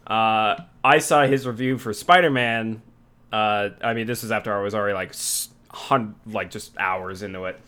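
Bright, clear-voiced young man chatting. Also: on the low side, steady tone, normal speed. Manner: rambling, profane storytelling with many restarts. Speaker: podcast host. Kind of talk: casual chat.

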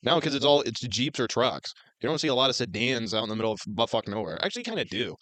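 Podcast co-host, male, rapid profane banter, dry close sound. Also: mid-range voice, sing-song, a bit bright, no echo. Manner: rambling, profane, mock-quoting people. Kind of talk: casual crude chat.

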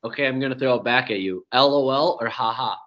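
A man's voice: medium pitch, fast talker. A young man chatting as a podcast guest, joking around and trying silly accents. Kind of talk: casual chat. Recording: dull lo-fi podcast audio.

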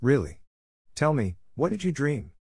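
A man voicing a kind, calm middle-aged doctor who speaks gently and reassuringly. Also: a little high, a little slow, vocal fry, breathy edge, dry recording, studio quality, pitched above the performer's own voice, heavily acted. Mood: gentle.

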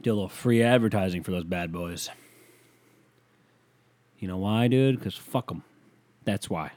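A man's voice: low voice, moderate pace, a little mellow, no room sound. A young man hosting a solo podcast, rambling through stories in a laid-back, profane way. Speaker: podcast host. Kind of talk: casual solo chat.

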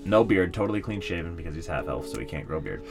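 A man's voice: deep voice, very animated, quick pace, gravelly, over music. A man narrating as game master in a casual, rambling way with lots of fillers.

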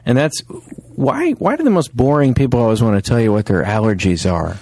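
Lively-voiced man co-host, dry sound. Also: medium pitch, fairly quick, dry recording. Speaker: podcast co-host. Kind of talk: casual comedic banter.

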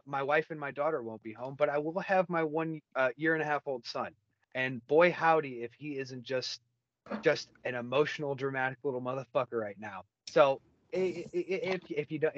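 A man's voice: on the high side, fairly bright tone, dry recording, dull audio. A man co-hosting a casual sports podcast, cursing freely and repeating words as he talks. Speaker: podcast co-host.

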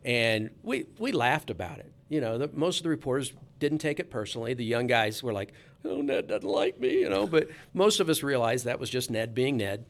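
A man's voice: medium pitch, lively intonation, fairly quick, hardly any pauses. Chatty man telling a sports story. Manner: chatty storyteller with frequent restarts. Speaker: sports reporter. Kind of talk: casual anecdote telling.

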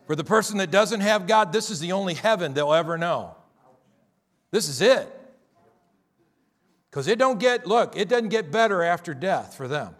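A pastor delivers an emphatic sermon in a fairly high voice. He hammers on repeated phrases, stretching out the words that matter most. At times he sinks into a quiet, weary tone. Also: lively intonation. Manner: emphatic, repetitive preaching with drawn-out stressed words; drops to quiet, weary tones mocking tired believers.

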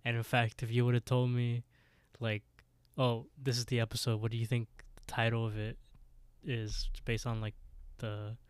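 A man's voice: completely flat delivery, normal speed, clean tone, no room sound. Dry-sounding laughing podcast co-host man. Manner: laughs often, quotes characters in high mocking voices. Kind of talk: casual recap chat.

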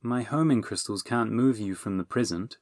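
A man voicing an impatient, bossy woman inventor who talks in a sharp, commanding way. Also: on the low side, moderate pace, no echo, studio quality, lightly acted. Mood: brisk.

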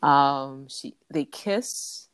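Woman, low voice, casual recap, relaxed, lots of fillers, dry close sound. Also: very slow, clean tone, no room sound. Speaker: podcast co-host recapping a TV episode. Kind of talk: casual chat.

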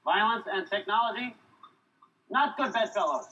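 A man's voice: high-pitched, moderate pace, bright, forceful tone. An actor playing a wry, folksy male technician with a drawling manner, heard as dull film audio.

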